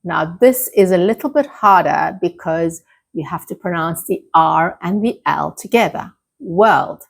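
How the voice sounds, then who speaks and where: A woman's voice: on the low side, gravelly. A woman with an Italian accent teaching an online English pronunciation lesson, carefully repeating each word for practice. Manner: slow, deliberate, repeats words for practice.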